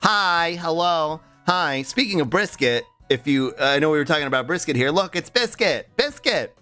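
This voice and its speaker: A man's voice: on the high side, lively intonation, moderate pace, sharp tone, soft background music. A man streaming and chatting casually with his viewers, rambling with lots of ums and restarts, his voice tired and strained. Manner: rambling, many um and uh restarts, laughs easily. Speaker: livestreamer. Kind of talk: casual stream chat, reading chat aloud.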